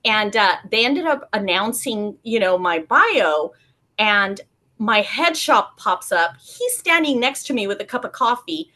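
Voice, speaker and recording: A woman's voice: fairly high pitch, measured pace. A woman on a panel telling an anecdote, acting out the people she quotes. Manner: animated storyteller acting out quoted voices. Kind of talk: casual panel chat.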